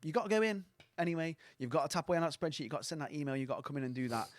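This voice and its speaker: A man's voice: a little high, racing, dry recording. A man, a coaching mentor, giving blunt, sweary, sarcastic advice as a guest on a casual podcast.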